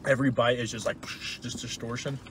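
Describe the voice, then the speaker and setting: A man's voice: medium pitch, fairly even intonation, fast talker, background noise. A young man co-hosting a casual food review while eating inside a parked car, blunt and teasing. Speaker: podcast co-host doing a food review.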